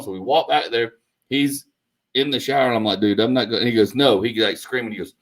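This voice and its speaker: A man co-hosting a podcast, telling a funny story in a casual, animated way and laughing often. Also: medium pitch, fairly quick. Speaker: podcast co-host.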